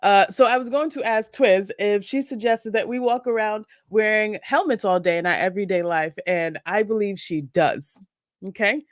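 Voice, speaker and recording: A woman's voice: medium pitch, normal speed, no echo. Joking woman co-host, dry close sound. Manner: playful, joking with mock seriousness. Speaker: co-host of a morning show. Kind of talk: casual chat.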